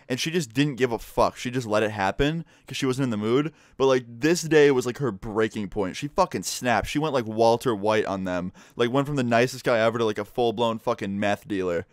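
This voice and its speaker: A man's voice: medium pitch, no room sound, clean studio sound. A young man telling a school story in a casual storytime vlog, cursing freely and talking animatedly. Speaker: vlogger.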